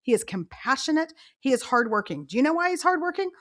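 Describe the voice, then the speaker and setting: Middle-aged woman, bright higher voice, lively storyteller guest. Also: fast. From Texas. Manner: animated storyteller acting out quotes. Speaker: author and guest. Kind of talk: storytelling interview.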